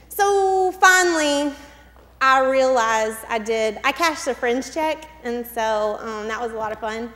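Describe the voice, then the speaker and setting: A woman's voice: on the high side, expressive, measured pace, fairly bright tone, big-room sound. A woman in her thirties telling a chatty, self-deprecating personal story to a church congregation. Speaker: church speaker. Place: church hall.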